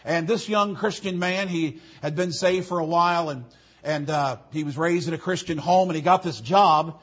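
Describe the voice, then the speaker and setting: A man delivers a sermon in a high, husky voice. He rambles into stories and circles back to repeat his key phrases. The recording sounds dull and lo-fi. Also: moderate pace, a bit bright. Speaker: preacher.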